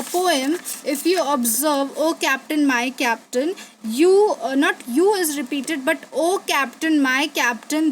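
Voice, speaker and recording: A young woman teacher with a high voice explains terms patiently to her students, pausing on fillers and repeating herself. Faint background noise sits under her recording. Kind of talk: online revision lesson.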